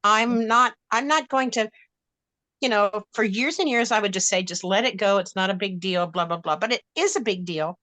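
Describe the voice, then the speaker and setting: Blunt, bright-voiced older woman. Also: medium pitch, moderate pace, no echo. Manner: blunt, fired-up storytelling with many restarts. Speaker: panelist. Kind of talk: casual panel discussion.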